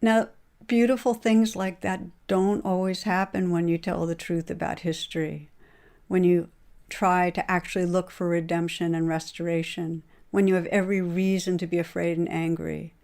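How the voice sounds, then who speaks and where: Gentle woman giving a dharma talk. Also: on the low side. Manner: gentle, measured storytelling; calm guided meditation instructions. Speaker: meditation teacher.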